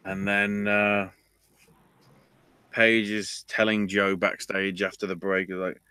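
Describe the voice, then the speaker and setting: A man's voice: fairly low pitch, level tone, slow pace, pauses often, pushed and bright, clear, resonant tone, no echo. A man hosting a podcast, recapping wrestling in a casual way with offhand, wry asides. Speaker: podcast host.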